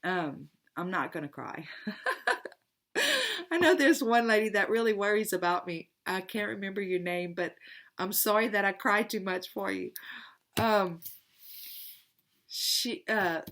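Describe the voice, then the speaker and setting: A woman's voice: medium pitch, a little slow, a bit bright. A middle-aged woman, a tarot reader telling a personal story in a rambling, heartfelt, emotional way in a casual spiritual vlog.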